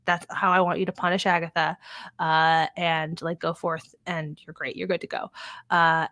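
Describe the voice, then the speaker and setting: A woman's voice: on the low side, little pitch movement, normal speed, pushed and bright, no echo. A woman casually recapping a TV episode, chatty and swearing freely, paraphrasing what the characters say. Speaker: podcast host recapping a TV episode.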